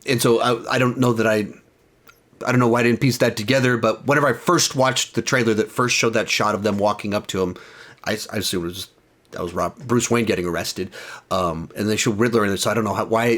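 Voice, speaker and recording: A man's voice: on the low side, a bit bright. A young man giving a casual, rambling film review, retelling scenes and often correcting himself mid-sentence.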